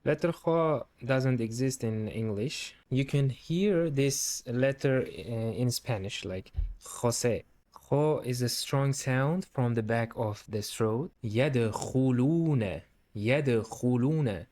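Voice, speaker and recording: A man gives a recitation lesson at an unhurried, deliberate pace. He explains each sound patiently and repeats words slowly so a beginner can follow. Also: mid-range voice, a little mellow. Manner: patient, repeats each Arabic word slowly to demonstrate pronunciation. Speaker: Quran recitation teacher.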